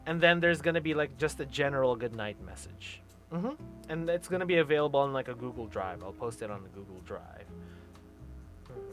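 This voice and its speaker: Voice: mid-range voice, expressive, a little fast, fairly bright tone, soft background music. A streamer hosting a casual chat, playful and laughing often, trailing off into fillers. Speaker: streamer host.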